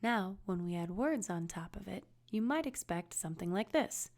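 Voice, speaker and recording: A woman's voice: medium pitch, lively intonation, moderate pace, few pauses, darkish tone. A woman teaching acting basics in an upbeat, encouraging, conversational scripted narration.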